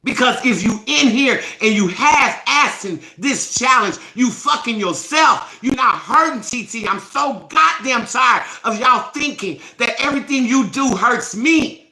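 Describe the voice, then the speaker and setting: A woman hosting a self-help live stream, scolding her viewers in a profane, forceful rant. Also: fairly high pitch, animated, a little slow, hardly any pauses, reverberant, poor audio.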